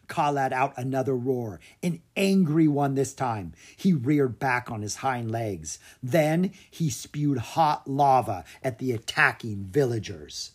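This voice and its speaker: A narrator reads a children's dragon adventure with a slightly breathy, husky tone. The delivery swings up and down in pitch, keeping the story animated for young listeners. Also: slow pace, few pauses. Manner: lively read-aloud with voiced characters. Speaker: audiobook narrator.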